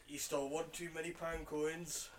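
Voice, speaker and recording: A man co-hosting a casual podcast, dropping deadpan one-liners. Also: a little high, normal speed, slight background noise. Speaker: podcast co-host. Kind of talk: casual banter.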